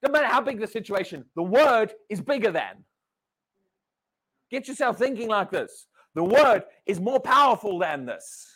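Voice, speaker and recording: Animated British preacher with a high voice. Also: male voice, moderate pace, breathy edge. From Britain. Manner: animated preaching, repeats words, asks the congregation questions. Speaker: pastor. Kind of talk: sermon.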